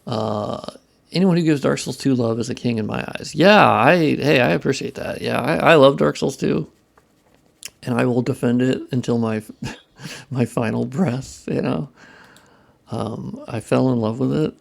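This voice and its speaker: Speaking at a measured pace in a creaky, medium-pitched voice, a young modding streamer works on camera and talks casually. He mutters and curses at his tools, jokes with viewers, and aims self-deprecating, profane remarks at chat.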